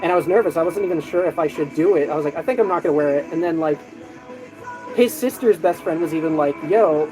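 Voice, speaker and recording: A man's voice: on the high side, fast, low-quality recording. Chatty man telling stories over music. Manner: animated storytelling with many fillers and restarts. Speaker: streamer. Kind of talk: casual chat.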